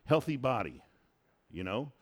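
A married man hosting a casual faith-based chat, who talks in an animated, preachy way and repeats phrases for emphasis. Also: medium pitch, a little slow. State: married, has a son.

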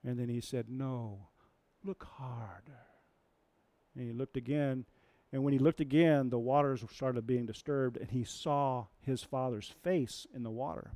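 A man's voice: medium pitch, fairly even intonation, moderate pace, hardly any pauses, warm tone, no room sound. A man preaching a sermon, telling a story and asking the audience questions.

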